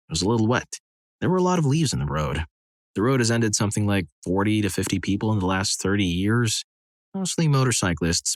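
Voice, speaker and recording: A man with a fairly low voice reads one short story after another in a steady, even narration. The sound is close and dry, with no room around it. He keeps a scripted storytelling pace throughout. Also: dry recording. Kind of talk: scripted narration of reader stories.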